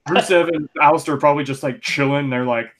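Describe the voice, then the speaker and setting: A man's voice: on the high side, quick pace. Chatty young man riffing on wrestling. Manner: chatty, rambling, animated opinions with lots of fillers. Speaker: podcast co-host. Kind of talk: casual wrestling podcast chat.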